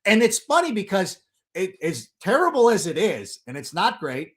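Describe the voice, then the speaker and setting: A middle-aged man, a guest on a livestream, ranting in an animated, sarcastic way and throwing in loud mock quotes. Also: high-pitched, normal speed. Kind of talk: casual chat on a livestream.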